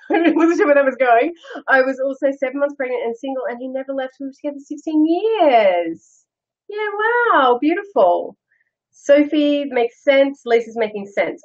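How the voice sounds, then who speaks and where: Woman, middle-aged, host, casual live chat, candid, self-deprecating, laughs often, dull lo-fi sound. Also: on the high side. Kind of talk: casual live chat, answering viewer comments.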